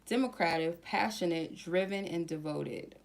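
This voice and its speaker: A woman giving a casual tarot reading to her viewers, chatty and slangy, slowly reading out card keywords one by one. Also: fairly low pitch, vocal fry. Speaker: tarot reader.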